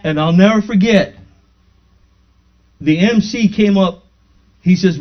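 A high-pitched male pastor speaks a little slowly, leaving long pauses, in a dull lo-fi recording. During his testimony he relates a personal experience to the congregation, acting out what was said, then climbs into fervent praise.

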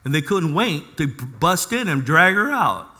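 A man preaching a sermon, animated, reading scripture and then dropping to a soft, intimate tone. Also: a little high, normal speed. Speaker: pastor.

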